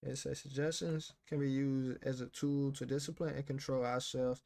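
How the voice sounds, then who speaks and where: A man's voice: mid-range voice, flat delivery, moderate pace, gravelly, darkish tone. A man casually reading a self-help book aloud and reacting to it in slangy, talk-back commentary. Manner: slangy, talks back to the text, reads passages aloud then riffs.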